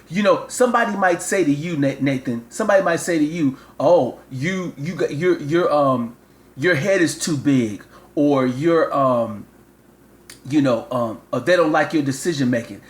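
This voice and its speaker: A man's voice: a little high, moderate pace. A man, a father and show host, rambling through a comic phone call and repeating himself as he lectures.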